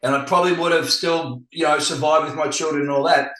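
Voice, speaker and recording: A middle-aged man talking candidly as a podcast guest, animated and acting out the voices he quotes. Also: a little high, fast. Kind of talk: casual podcast conversation. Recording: echoey room.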